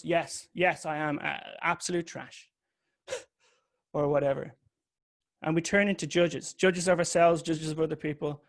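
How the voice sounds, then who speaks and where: A man giving a candid, confessional talk that mixes a personal story with occasional swearing. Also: a little high. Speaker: public speaker.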